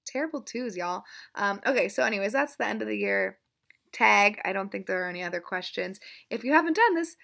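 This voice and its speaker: A woman's voice: medium pitch, lively intonation, a little fast, creaky, fairly bright tone. A young woman casually chatting about her reading, rambling and self-deprecating. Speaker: book vlogger. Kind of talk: casual chat.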